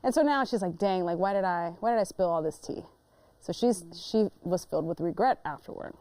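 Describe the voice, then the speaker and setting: A woman hosting a casual panel chat, playful and lively, saying y'all. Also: on the low side, fairly quick, no echo. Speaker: host.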